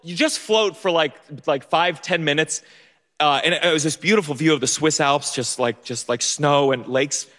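A man's voice: a little high, moderate pace, a bit bright, long reverb tail. A young man telling a funny personal story on stage, stammering through restarts and laughing at himself. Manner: stammering restarts, self-mocking, often laughing. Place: theater stage.

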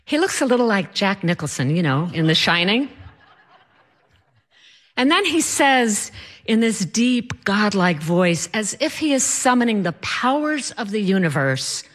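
Woman storyteller, wry, self-mocking, unhurried pace, mid pitch. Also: sing-song. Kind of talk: personal storytelling.

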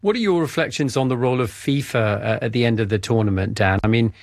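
A man's voice: mid-range voice, fast, no echo, studio quality. A man hosting a news program, introducing a guest and asking questions with some hesitant fillers. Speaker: host. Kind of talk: news podcast presenting.

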